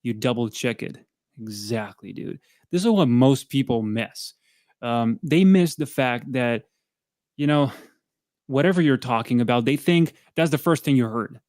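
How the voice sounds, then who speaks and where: A man's voice: mid-range voice, unhurried, dry recording, studio quality. Breathless man chatting between pushups. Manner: animated storyteller, acts out quoted dialogue. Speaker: podcast co-host. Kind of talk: casual chat during a pushup livestream.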